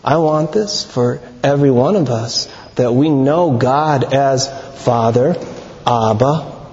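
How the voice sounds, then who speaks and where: A man's voice: mid-range voice, takes it slowly, a little mellow. A man preaching a sermon, emphatic, repeating phrases and asking rhetorical questions. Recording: echoey hall, dull lo-fi sound.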